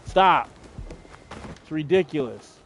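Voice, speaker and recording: A man's voice: fairly high pitch, expressive, slow pace, a bit bright, a little hiss or hum. A man chatting casually while streaming a game, venting bluntly with plenty of profanity. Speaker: gaming streamer. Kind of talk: casual chat while playing.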